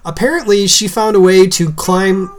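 A woman's voice: medium pitch, normal speed. A woman co-hosting a podcast in casual chat, joking and teasing and laughing often. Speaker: podcast co-host.

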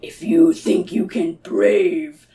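A woman's voice: lowish voice, big pitch swings, dark tone, recorded from a distance, slight background noise, full character voice. Whispery bloated monster, as a woman puts it on. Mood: ominous. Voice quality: breathy, whispery. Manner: slow, drawn-out delivery. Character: huge bloated male tree-hollow devourer monster, slow and menacing. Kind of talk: improvised story voice in a casual chat.

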